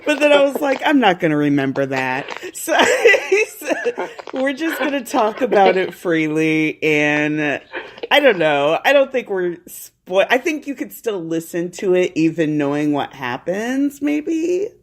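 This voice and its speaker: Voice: medium pitch, sing-song, slow, a little hiss or hum. A podcast host chatting casually from home while feeling unwell, rambling and laughing often.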